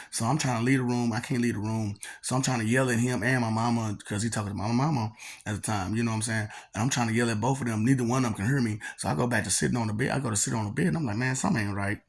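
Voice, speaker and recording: A man tells a personal story in a casual, rambling way, laughing often and leaning on filler phrases. His voice sits fairly low, with a gravelly edge and a husky grain.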